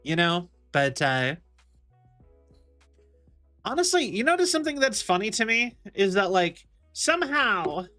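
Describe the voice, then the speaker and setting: A man's voice: high voice, big pitch swings, a little slow, pauses often, sharp tone, faint music behind. A man streaming a game, chatting casually and rambling with frequent laughs. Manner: rambling, chatty, laughs often, many restarts. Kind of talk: casual chat while gaming.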